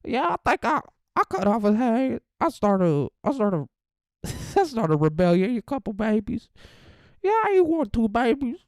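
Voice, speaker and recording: A man voicing a boastful male rebel warlord in an exaggerated put-on accent, pitched very high. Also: very animated, unhurried, no echo, studio quality, full character voice.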